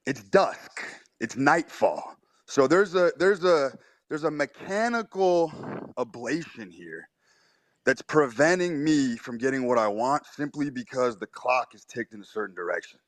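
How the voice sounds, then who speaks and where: A man's voice: medium pitch, lively intonation, a little slow, dry recording. A man speaks with brash, emphatic swagger and swears freely. He tells his story in a cocky, punchy way. The sound is close and dry, with no room around it. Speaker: host. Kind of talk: storytelling on a live audio chat.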